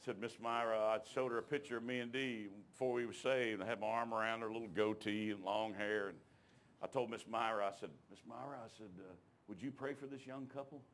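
A man's voice: fairly low pitch, steady tone, brisk, a bit bright, a little hiss or hum. A man preaching a sermon, telling his own testimony in a folksy, emphatic way and calling out to the congregation.

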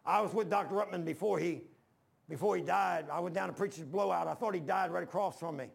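With a high, gravelly voice, this male pastor talks fast as he preaches in a church. Folksy tales fill the sermon, he acts out each bit of dialogue, and his whole delivery stays colloquial and chatty.

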